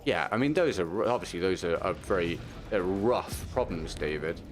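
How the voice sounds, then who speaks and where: A man's voice: low-pitched, animated, normal speed, faint music behind. A man streaming a shooter game, talking to his viewers in a supportive, casual way with frequent restarts. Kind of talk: casual chat while playing.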